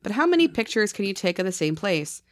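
A woman's voice: medium pitch, quick pace, no room sound, studio quality. Woman with a slightly scratchy voice. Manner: playful, laughs often, reads stories in a lively storytelling way. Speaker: podcast host. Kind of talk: casual chat and reading true ghost stories aloud.

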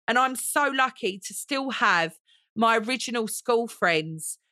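A woman's voice: on the high side, lively intonation, measured pace, pushed and bright, no room sound, studio quality. A woman, hosting a chatty solo podcast in a gushing, theatrical way and calling listeners honey. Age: 40s. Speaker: podcast host.

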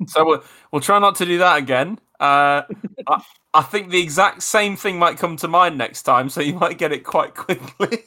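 A man's voice: a little high, normal speed, pushed and bright. A man hosting a comedy improv podcast, joking and laughing often with his friends.

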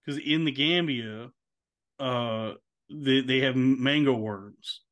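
A man's voice: medium pitch, takes it slowly, fairly bright tone. A man co-hosting a casual podcast, telling a long rambling story and saying "dude" often. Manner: mimics voices when quoting others. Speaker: podcast co-host. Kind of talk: casual chat.

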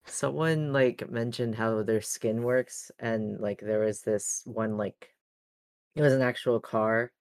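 A woman's voice: rumbling low, steady tone, slow pace, darkish tone, dry recording. A woman co-hosting a podcast in casual chat, rambling and searching for her words as she explains. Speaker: podcast co-host.

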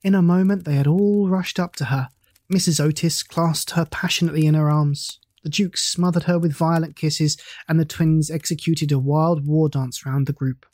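A mellow, warm-toned reader telling an old ghost story in a steady, measured way. The sound is close and dry, with no room around it. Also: medium pitch, dry recording. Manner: measured, even storytelling delivery. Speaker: audiobook narrator. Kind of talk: scripted narration of a classic ghost story.

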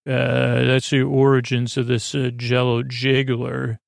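An eccentric alien time traveller , as a man quotes him in passing, mutters his lines offhand and halting. The voice is gravelly and flat, close and dry. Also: mid-range voice, no room sound. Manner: offhand, halting mock-dialogue.

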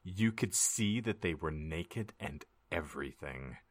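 A man hosting a comedy podcast, reading a story aloud in a mock-dramatic way and pausing to joke with his co-hosts. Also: low-pitched, no room sound. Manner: lively, mock-dramatic narration. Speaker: podcast host.

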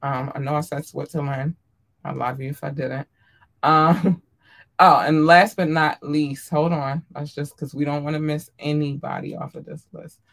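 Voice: medium pitch, steady tone, moderate pace, fairly bright tone. A podcast host in casual solo chat, effusive and affectionate toward listeners, talking with frequent ums and little laughs. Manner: effusive and affectionate, calls listeners darlings and babies.

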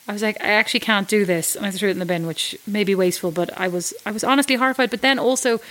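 A woman's voice: mid-range voice, racing, a bit bright, poor audio. Chatty Irish woman in her forties. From Ireland. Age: 40s. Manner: chatty storytelling, laughs often, many fillers. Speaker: guest. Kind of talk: casual chat.

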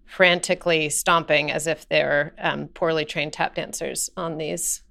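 A woman's voice: low-pitched, level tone, unhurried, vocal fry, sharp tone. A woman correspondent on a news podcast, describing things in a playful, vivid way. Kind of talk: conversational news chat.

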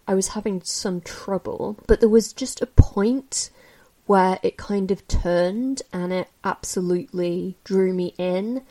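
A woman talks through her recent film viewing in a relaxed, candid way, with frequent fillers and self-corrections. Her pitch sits in a middle range but leaps upward when she gets opinionated. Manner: chatty and candid, many fillers and restarts. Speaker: film reviewer. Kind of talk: casual spoken film review.

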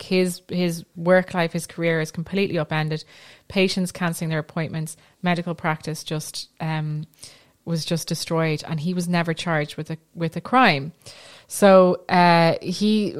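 A woman co-hosts a podcast, walking her friends through a case in loose, chatty storytelling. Her voice sits a little low and comes across smooth and clear, with frequent ums and restarts along the way. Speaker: podcast co-host telling the case. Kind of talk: casual storytelling chat.

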